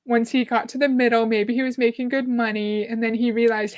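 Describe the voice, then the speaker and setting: A woman's voice: a little high, flat delivery, fairly quick, few pauses, darkish tone. A woman hosting a live reaction stream, chatting casually, greeting viewers by name and reading their comments aloud. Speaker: livestream host.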